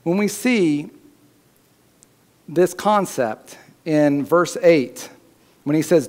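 Man preaching, higher-pitched voice. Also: animated, takes it slowly, pauses often. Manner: preaching, rising loud and high when voicing God's words. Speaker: pastor. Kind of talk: sermon. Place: church.

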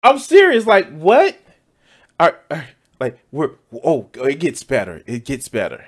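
A man's voice: on the high side, huge pitch swings, unhurried. A man giving loose, profane reaction commentary as a streamer, often exclaiming and laughing. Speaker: streamer reacting to news clips.

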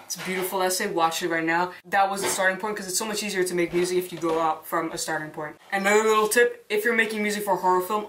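A woman's voice: on the low side, fairly bright tone, a little hiss or hum. A young woman hosting a casual tutorial vlog, chatty with self-mocking asides. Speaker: filmmaker and channel host.

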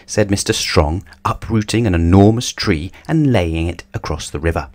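A male storyteller reading a children's picture book aloud at bedtime. His voice sits low but moves around lively and expressively. He tells the tale warmly for young listeners. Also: moderate pace, few pauses.

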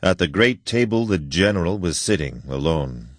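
A man narrating a story in an expressive audiobook reading with shifting emphasis. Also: low-pitched, normal speed, hardly any pauses, no room sound, studio quality.

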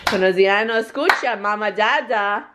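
A woman chatting in a family vlog, excitable and laughing a lot, switching between English and Spanish. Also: medium pitch, moderate pace, echoey room, noisy background. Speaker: family vlogger. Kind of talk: casual family chat.

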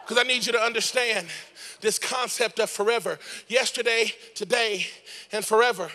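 A man pastor preaching a dramatic sermon in a church, building to shouts. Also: high-pitched, moderate pace, big-room sound.

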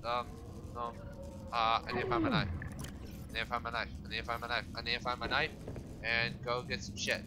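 A man's voice: mid-range voice, a little fast, long pauses, noisy background. A young man hosting a let's-play video, chatting casually, swearing, and chanting words over and over in a sing-song way. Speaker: gaming video host.

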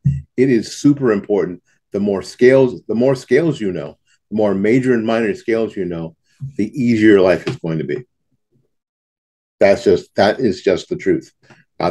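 In a home studio in front of a backdrop, a man teaches saxophone students through a casual, folksy talk to camera, often repeating himself and scatting rhythms aloud. His voice is fairly low and warm.

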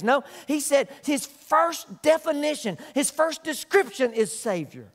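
A man delivers a pastor's sermon in a fairly high voice, earnest and emphatic, leaning on repeated phrases. His words carry a long reverb, as in a church sanctuary. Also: lively intonation, a little slow, few pauses.

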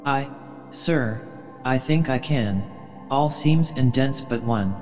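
A man reading an audiobook, voicing a scarred old ship's blacksmith who speaks calmly and with sad resignation. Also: mid-range voice, takes it slowly, in a large hall, faint music behind, close to an everyday voice. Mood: resigned. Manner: calm and sadly resigned.

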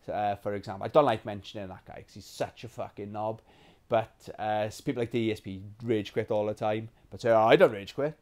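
A man from England hosting a gaming vlog, telling stories in a rambling, animated way and swearing freely. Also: mid-range voice. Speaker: gaming channel host. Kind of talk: casual storytelling vlog.

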